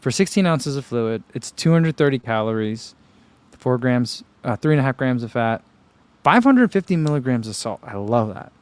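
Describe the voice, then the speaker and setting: A man hosting a running-channel livestream reads his viewers' comments aloud, rambling easily with many fillers. His mid-range voice swings widely in pitch at a moderate pace, and his tone is clean. There is no echo.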